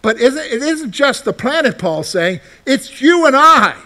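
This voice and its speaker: A male pastor preaching a sermon in a lively way, often putting rhetorical questions to the congregation. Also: very high-pitched, a little slow.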